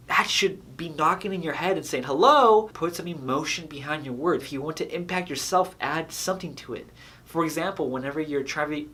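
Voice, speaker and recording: A man's voice: a little high, a bit bright. A man speaking earnestly to camera in a casual motivational talk, repeating phrases and laughing at his own jokes.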